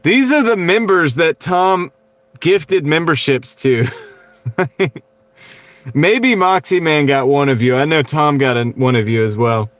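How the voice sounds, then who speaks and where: A man's voice: a little high, animated, slow pace, fairly bright tone, no room sound. Chatty Texan man streaming from his car. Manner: chatty, laughs often, reads out viewer comments. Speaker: livestreaming delivery driver. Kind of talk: casual livestream chat. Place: car, while driving. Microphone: wireless clip-on mic.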